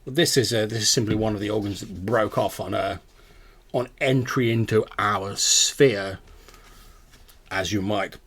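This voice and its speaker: A man's voice: lowish voice, unhurried, fairly bright tone, husky, exaggerated voice. A man voicing a pompous, self-assured owl scholar who talks in a fussy, learned way.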